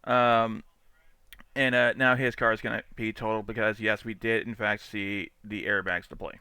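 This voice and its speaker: Bright, crisp-voiced man. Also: fairly low pitch, level tone, moderate pace, dry recording. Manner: chatty, laughs often, swears freely, mimics angry drivers. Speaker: streamer reacting to dash cam clips. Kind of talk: casual live-stream commentary.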